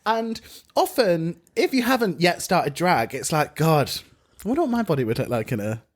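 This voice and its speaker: A man's voice: fairly high pitch, normal speed. A British man co-hosting a podcast, telling stories in casual chat, laughing often and acting out other people's voices. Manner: animated storyteller, laughs often, acts out voices. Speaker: podcast co-host.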